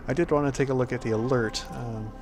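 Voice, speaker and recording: A man's voice: medium pitch, steady tone, fast, darkish tone, soft background music. A man hosting a casual gameplay commentary, rambling with lots of fillers. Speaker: gaming video host.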